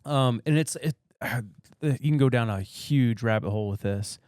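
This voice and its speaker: Male podcast co-host, animated explainer, dry close sound. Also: mid-range voice, measured pace, no room sound. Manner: animated, explains in loose restarts. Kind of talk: casual chat.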